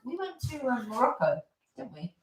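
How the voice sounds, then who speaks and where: An enthusiastic woman joins a casual live Q&A. Her pitch swings widely as she talks, and a crowd's chatter is clearly audible behind her. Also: big pitch swings, moderate pace.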